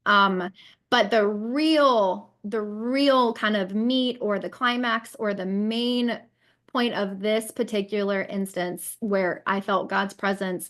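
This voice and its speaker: A woman in her thirties speaks as a guest on a conversational podcast. Her voice sits at an ordinary middle pitch, and she tells a personal story earnestly, acting out what others said and pausing on frequent fillers. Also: a bit bright.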